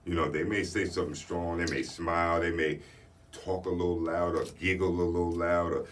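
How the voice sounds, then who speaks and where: Super deep raspy guy, kinda far from the mic, some faint noise behind. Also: level tone, fairly quick. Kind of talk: casual chat.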